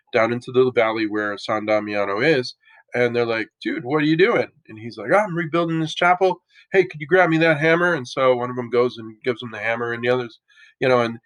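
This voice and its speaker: A man giving a lecture as a casual story, talking in a relaxed, conversational way with slangy asides. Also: mid-range voice, poor audio.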